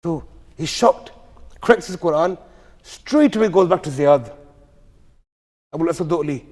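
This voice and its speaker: Male tajweed teacher, chatty and questioning, higher voice, long mosque reverb. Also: animated, moderate pace, darkish tone. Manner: chatty, asks the class questions, slangy asides. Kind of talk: informal classroom storytelling. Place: mosque hall.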